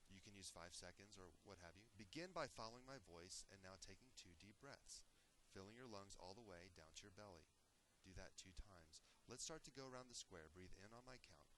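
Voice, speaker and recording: A man in his thirties giving an online crisis response training lecture, calmly counting listeners through breathing exercises. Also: low voice, moderate pace, slight background noise, poor audio. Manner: calm, guiding count-along delivery.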